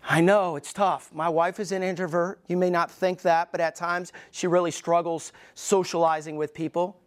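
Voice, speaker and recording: A middle-aged man preaching a sermon as pastor in a church, emphatic, with pauses, and acting out the voices he quotes. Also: high voice, little pitch movement. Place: church sanctuary.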